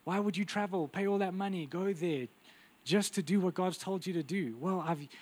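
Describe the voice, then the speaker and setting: A man preaching a sermon with intense, urgent delivery that drops to quiet, intimate asides. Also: high-pitched, normal speed.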